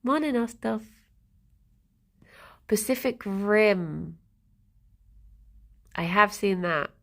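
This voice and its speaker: A woman's voice: medium pitch, animated, extremely slow, gravelly. A woman streaming live, chatting in a rambling way, greeting viewers and laughing often. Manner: talks softly to her rabbits, sometimes whispering. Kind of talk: casual live-stream chat.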